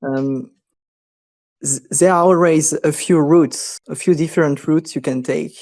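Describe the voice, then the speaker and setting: Young male guest, slow and halting, mellow tone. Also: on the high side, fairly even intonation. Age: young adult. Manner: hesitant, many fillers, soft laughs. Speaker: podcast guest. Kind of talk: casual podcast chat.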